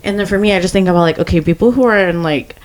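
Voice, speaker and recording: A woman's voice: on the low side, very fast, background noise. A young adult woman co-hosting a casual podcast chat, talking loosely with lots of filler words and frequent laughs. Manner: chatty, heavy use of filler words, laughs often. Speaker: podcast co-host.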